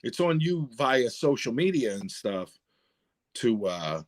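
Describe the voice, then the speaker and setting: The rapper guest's voice here is medium-pitched and slow, recorded without echo. In casual talk he tells an animated bar story, cursing a lot and voicing the quotes of the others involved.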